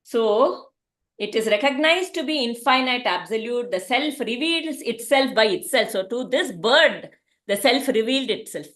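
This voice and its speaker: A woman, teaching a spiritual class through a gentle, meandering parable. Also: on the high side, lively intonation, unhurried. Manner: gentle storytelling with restarts.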